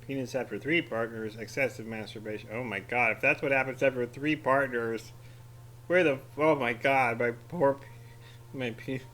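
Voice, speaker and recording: Eyes streaming from spicy chili, this male vlogger scrolls his feed and offers casual commentary between bites, rambling, giggling, and drifting off mid-sentence. His mid-range voice is a bit bright, with fairly even intonation and a moderate pace, over slight background noise.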